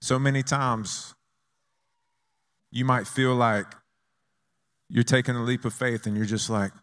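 A man's voice: mid-range voice, measured pace. A man preaching a conversational sermon, reading scripture and having the congregation repeat lines back. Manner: lively, conversational preaching with call-and-response. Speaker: pastor.

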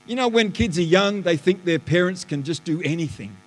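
A man, a pastor preaching a lively sermon that swings between loud bursts and hushed asides, in a church auditorium. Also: high-pitched, fairly quick. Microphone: live stream stage mic. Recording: live church hall reverb.

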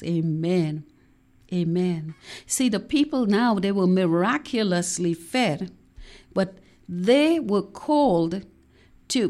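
A woman preaching a sermon, slow and emphatic, dotted with amens and hallelujahs. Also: medium pitch, a little mellow.

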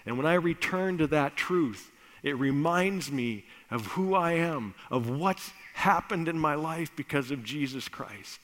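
A man preaching a conversational sermon that builds to loud, emphatic bursts. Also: a little high, lively intonation, unhurried. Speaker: pastor. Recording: echoey hall.

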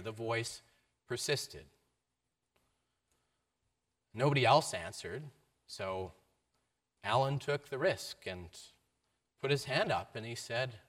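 A man's voice: medium pitch, expressive, slow pace, pauses often, fairly bright tone. Man preaching a storytelling sermon. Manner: storytelling, varied emphasis.

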